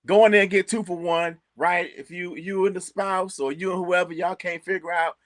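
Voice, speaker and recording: Lively Chicago man, dry close sound. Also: high-pitched, normal speed, no echo. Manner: animated, repeats words, laughs often. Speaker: co-host recommending local restaurants. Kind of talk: casual chat.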